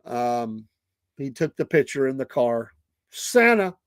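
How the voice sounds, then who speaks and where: A man's voice: medium pitch, slow pace, no room sound. A middle-aged man with a Southern US accent, hosting a casual talk show and telling stories with laughter and acted-out voices. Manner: animated, laughing storyteller who acts out quoted voices. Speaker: podcast host. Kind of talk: casual storytelling chat.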